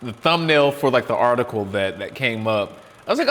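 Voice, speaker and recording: A man's voice: mid-range voice, lively intonation, moderate pace, a bit bright. A casual male podcast host who rambles and pokes fun at himself, his voice swinging up and down with plenty of life. A long reverb trails each line, as if the room is hollow. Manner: rambling, self-mocking, restarts often; chewing and eating while talking. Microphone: studio mic with headphones.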